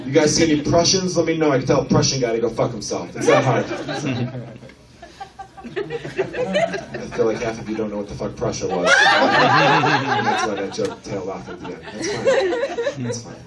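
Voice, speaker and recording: Brash stand-up comic in a club. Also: male voice, mid-range voice, normal speed, long pauses, recorded from a distance, over a noisy crowd. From Chicago. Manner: brash, profane, animated storytelling. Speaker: stand-up comedian. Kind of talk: stand-up comedy set. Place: comedy club stage. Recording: echoey club recorded from afar. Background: audience laughter.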